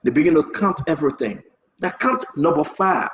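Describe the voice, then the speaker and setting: A man hosts a heated political talk show in a slightly high, lively voice, speaking a bit fast in a roomy-sounding space. He's impassioned, talks over others, and repeats himself for emphasis.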